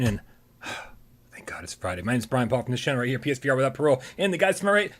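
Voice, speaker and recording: Animated male gaming show host. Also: mid-range voice, rapid-fire. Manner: animated, playful show introductions. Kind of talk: live gaming show chat.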